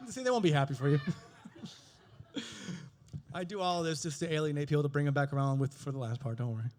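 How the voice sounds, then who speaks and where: A man performing a stand-up comedy set on stage with a handheld mic, animated and swearing, mimicking other voices with big jumps in pitch. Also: fast, long pauses. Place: comedy stage before a live audience.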